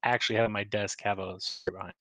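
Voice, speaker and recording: Guy rambling about his coins, bright punchy voice, dry close sound, lots of uh and um. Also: lowish voice, steady tone, no echo. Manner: rambling, halting, many fillers and restarts. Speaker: navy chief and guest. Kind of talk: casual show-and-tell chat.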